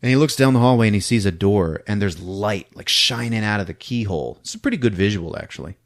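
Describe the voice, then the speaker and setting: A man casually recapping a horror film on a podcast, acting out shouts and sound effects and laughing as he goes. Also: on the low side, fast talker. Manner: animated retelling with acted-out shouts and sound effects; laughs often while talking. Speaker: podcast host.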